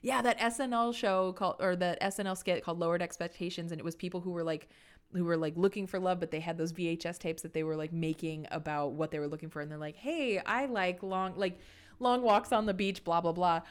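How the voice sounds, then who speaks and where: Young woman, podcast co-host, casual chat, slightly low voice, light vocal fry, laughs a lot. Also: fairly even intonation, quick pace. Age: young adult. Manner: laughs often, chatty with many fillers.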